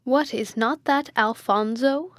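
A woman doing a frantic guilt-haunted prince, high exclaiming questions, storybook reading, dry close sound. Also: slow pace, no room sound. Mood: terrified. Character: agitated, guilt-stricken male prince.

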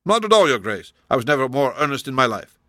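A man voicing a cold, precise male detective in an audiobook, measured and inexorable. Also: medium pitch, very animated, sharp tone, no room sound, studio quality, pitched above the performer's own voice. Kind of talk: audiobook character voice.

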